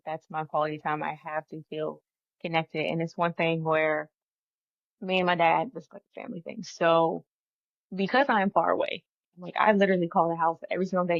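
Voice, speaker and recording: A woman co-hosting a podcast, telling stories in a lively way and acting out the lines of people in them. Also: on the low side, no room sound, dull audio. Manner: animated storyteller, acts out quoted dialogue. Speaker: podcast co-host. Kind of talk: casual podcast conversation.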